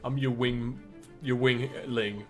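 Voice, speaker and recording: A man playing a tabletop game, excitable and joking. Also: medium pitch, slow, faint music behind. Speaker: player.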